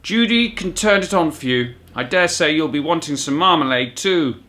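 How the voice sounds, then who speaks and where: A man's voice: on the high side, expressive, normal speed, pushed and bright, voice pushed up. A man voicing a fussy, stern older housekeeper who is prim and bossy in a storybook reading.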